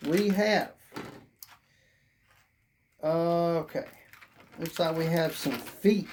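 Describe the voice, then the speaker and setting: Hoarse unboxing narrator, gravelly, unhurried, chatty, thinking aloud, faint background noise. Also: mid-range voice. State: hoarse, losing voice. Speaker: toy reviewer.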